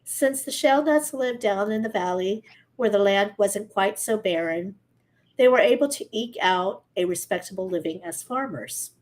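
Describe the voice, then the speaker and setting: A woman's voice: mid-range voice, normal speed, rough recording. A woman co-hosting a podcast, reading a story aloud casually and steadily, now and then correcting herself.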